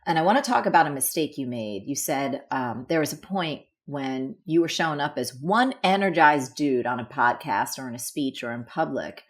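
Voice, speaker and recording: A woman's voice: very deep voice, animated, normal speed, few pauses. A woman hosting an interview who laughs often and encourages her guest. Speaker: host. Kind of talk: interview conversation.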